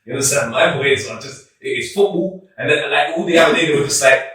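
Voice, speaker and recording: Animated man in an echoey room. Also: a little high, fast talker. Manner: animated, laughing, slips into street slang. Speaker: podcast co-host. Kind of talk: casual chat. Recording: echoey room, far from the mic.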